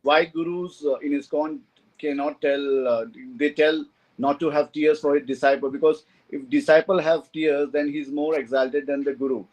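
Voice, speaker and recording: A man's voice: on the high side, steady tone, moderate pace, darkish tone, low-quality recording. A man speaking as a disciple to his teacher, deferential, repeating an honorific, with broken grammar. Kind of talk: reverent thanks and comment to the teacher.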